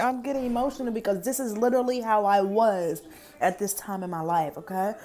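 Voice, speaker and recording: A woman's voice: mid-range voice, steady tone, brisk, warm tone. A young woman telling an emphatic, profane story on her vlog. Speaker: vlogger.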